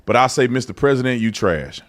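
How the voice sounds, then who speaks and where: A man's voice: medium pitch, lively intonation, fairly quick. A man from Texas with a Texan accent, hosting a live political commentary show in a blunt, mocking, slangy way. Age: adult. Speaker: host.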